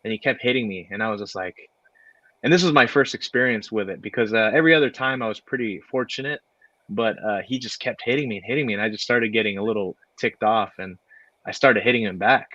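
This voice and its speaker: A man, a guest wrestler, telling stories in a relaxed way, with lots of fillers and laughter. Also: fairly low pitch, fast talker, no room sound. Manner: laid-back, many fillers, laughs while telling stories. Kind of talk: casual storytelling. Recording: dry, dull lo-fi audio.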